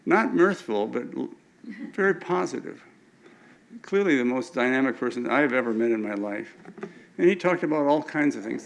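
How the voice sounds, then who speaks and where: A man's voice: mid-range voice, creaky, low-quality recording. An older man giving an anecdotal lecture with slides at an alumni event, often stumbling and restarting his words.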